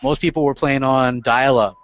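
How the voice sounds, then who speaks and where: A man's voice: medium pitch, fairly even intonation, moderate pace. A man chatting casually on a podcast, rambling and using lots of fillers. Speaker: podcast panelist. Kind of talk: casual chat. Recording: dull lo-fi sound.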